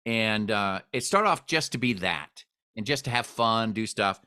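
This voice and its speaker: Bright-voiced man hosting a podcast. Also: lowish voice, measured pace, clear, resonant tone. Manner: storytelling, animated when quoting others. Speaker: podcast host. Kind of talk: casual interview chat.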